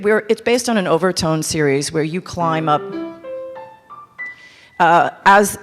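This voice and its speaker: A woman in her fifties, a composer teaching a master class to a live audience, animated, candid and self-mocking. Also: low voice. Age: 50s. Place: large hall with audience. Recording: echoey hall with instrument.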